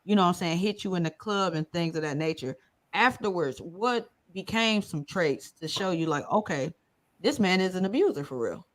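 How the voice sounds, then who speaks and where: A woman's voice: on the low side, expressive, normal speed. A woman hosting a casual podcast panel, asking loose, rambling questions. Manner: asks questions loosely, joking. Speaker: podcast host.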